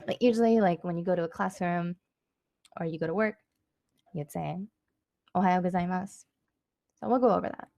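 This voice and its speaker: A Japanese language teacher gives a casual online lesson in a fairly low, mellow voice, captured in a dry recording. She's chatty and loose, full of fillers, but says practice phrases slowly and clearly.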